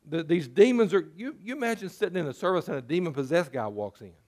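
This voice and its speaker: A man's voice: fairly high pitch, lively intonation, quick pace, a little mellow. A man preaching a sermon as pastor, talking conversationally and putting rhetorical questions to his listeners.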